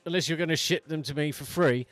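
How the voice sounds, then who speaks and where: A man's voice: fairly high pitch, quick pace, a bit bright, no room sound. A man hosting a morning radio show, chatting casually into a studio microphone, rambling and laughing at himself. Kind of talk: casual on-air chat.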